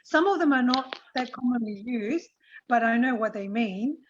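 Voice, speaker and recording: Chatty Australian woman, high voice, muffled call audio. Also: expressive, moderate pace, slight background noise. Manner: chatty, laughs while explaining. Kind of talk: casual group video chat.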